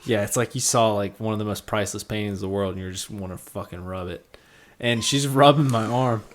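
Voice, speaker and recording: A man's voice: lowish voice, a little fast, slight background noise. A man in his twenties, a bit tipsy, telling a rambling, profane story with laughs on a casual podcast. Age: 20s. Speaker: podcast co-host.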